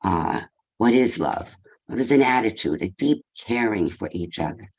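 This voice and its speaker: An older man talks to a senior audience about love in an informal, conversational way. His voice is low, gravelly and a little husky. He often asks rhetorical questions and ends points with a quick "right?". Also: expressive, a little mellow. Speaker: speaker on relationships.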